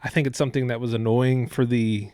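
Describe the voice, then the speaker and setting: A man's voice: mid-range voice, level tone, fast talker, a little mellow, no room sound. Podcast host guy, rambling and cussing, laughs a lot, dry close mic. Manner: rambling, profane, laughs often. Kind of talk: casual chat.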